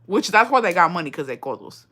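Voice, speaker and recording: Bright-voiced, foul-mouthed woman. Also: lowish voice, fast talker. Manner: profane, expressive, mixes in Spanish phrases. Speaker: streamer. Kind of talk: casual storytelling chat.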